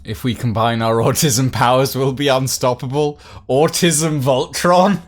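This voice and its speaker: A man's voice: medium pitch, fairly even intonation, measured pace. A man hosting a livestream, chatting casually and playfully, rambling and muttering to himself as he writes. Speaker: livestream host.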